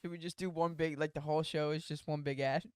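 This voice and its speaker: A man co-hosts a podcast in loose, goofy banter, high in pitch with a smooth, clean tone. He swears freely and drifts into silly impressions as he jokes around. The sound is dry and close, with no room around it. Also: little pitch movement, quick pace, dry recording. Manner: goofy, swears freely, slips into mock voices. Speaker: podcast co-host. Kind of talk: casual comedic banter.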